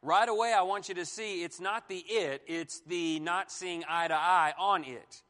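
Man, pastor, lively teaching, high voice, hall reverb. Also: measured pace. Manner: animated, asks the room questions and jokes. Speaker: pastor teaching a marriage class. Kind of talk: sermon-style Bible teaching.

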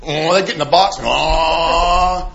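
A middle-aged man preaching a sermon, animated, acting out quoted voices and dropping to a soft voice for emphasis. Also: fairly high pitch, measured pace, lo-fi sound, a little hiss or hum.

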